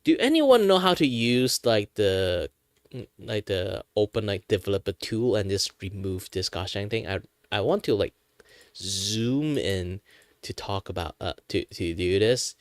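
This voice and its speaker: A man's voice: fairly low pitch, lively intonation, unhurried, no room sound. Rambling man streaming, dry throat. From Malaysia. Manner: rambling, with many fillers and restarts. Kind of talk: casual chat.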